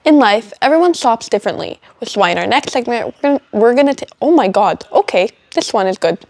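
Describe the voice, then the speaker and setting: A woman's voice: a little high, expressive, quick pace, darkish tone. A teenage girl hosting a student school show, giggling and flustered as she keeps slipping on her lines in outtakes. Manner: giggly, flustered by slip-ups.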